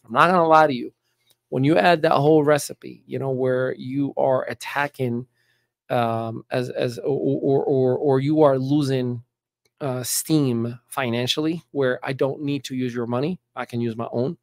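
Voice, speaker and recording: Talking politics casually but emphatically as a podcast guest, a middle-aged man from the United States tends to repeat words when starting a sentence. He speaks at a moderate pace in a creaky, mid-range voice with a steady tone, in studio-quality audio free of room sound.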